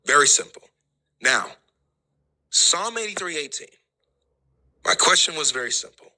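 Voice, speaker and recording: A man arguing in a heated online debate, quick to interrupt and brushing off his opponent. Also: fairly high pitch, big pitch swings, pushed and bright, low-quality recording. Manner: quick to interrupt, laughing dismissively. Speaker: debate host.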